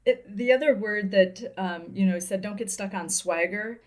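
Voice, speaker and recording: A woman with a Midwestern accent co-hosting a business podcast, friendly and agreeable, with quick asides. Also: mid-range voice. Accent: Midwestern American. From American Midwest. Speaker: podcast co-host. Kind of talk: casual podcast conversation.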